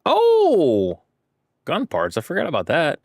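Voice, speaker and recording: Guy streaming a game, chatty and rambly, up-and-down pitch. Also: huge pitch swings, takes it slowly. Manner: rambling, self-correcting, chatty. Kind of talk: casual gameplay commentary.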